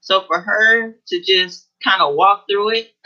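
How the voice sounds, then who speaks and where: A woman guest on an online interview, talking in an earnest, halting way about her experience. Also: medium pitch, bright, forceful tone. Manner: earnest, halting with frequent pauses. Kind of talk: personal testimony in an online interview. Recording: dull lo-fi video call audio.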